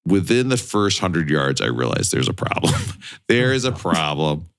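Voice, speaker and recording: Young male podcast host, low voice with big swings, swears freely while spinning a self-mocking tale. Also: sing-song, moderate pace, fairly bright tone. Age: 20s. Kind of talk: casual storytelling.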